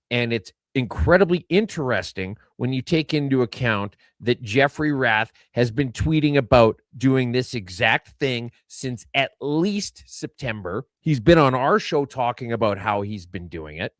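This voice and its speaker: A man's voice: medium pitch, no echo. A man co-hosting a podcast, giving casual news commentary in a dry, sarcastic manner. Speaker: podcast co-host.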